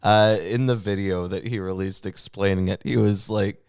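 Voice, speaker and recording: A man's voice: sits low, fairly even intonation, normal speed, gravelly, darkish tone, clear, resonant tone, dry recording. A man co-hosting a casual chat show, reading old scripture aloud between dry asides. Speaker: co-host.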